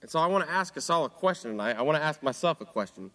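Young male student preacher, bright raised voice, earnest, long reverb of a hall. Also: lively intonation, racing. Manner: earnest, drops low and quiet on quoted words. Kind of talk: sermon.

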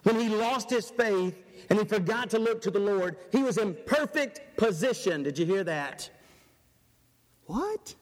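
A man preaching a sermon in a large church, dramatic and full of rhetorical questions, dropping to a hush and then rising loud. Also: sits high, lively intonation, measured pace. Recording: reverberant church hall.

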